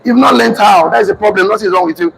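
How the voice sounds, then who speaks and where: A man's voice: sits high, racing, vocal fry, over a noisy crowd, low-quality recording. A man with a Nigerian accent giving a motivational class lecture, emphatic and repetitive, drilling his audience in call-and-response. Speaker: motivational teacher.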